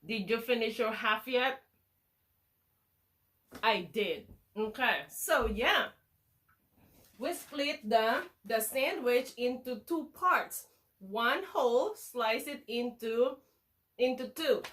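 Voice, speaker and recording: Slow, playful woman teaching kids. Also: fairly high pitch, a bit bright. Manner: playful, sing-song, talks to the viewer as a child. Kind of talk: children's lesson demonstration.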